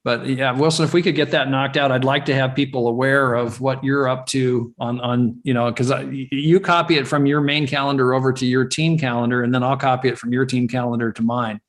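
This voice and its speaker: A man from California hosts a live webinar over a video call. His voice sits at an ordinary middle pitch. He talks in a loose, rambling way, full of "um"s and restarts. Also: level tone, a little fast, few pauses. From California, USA. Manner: rambling and chatty, with frequent fillers and restarts. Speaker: webinar host. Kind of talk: casual live webinar chat.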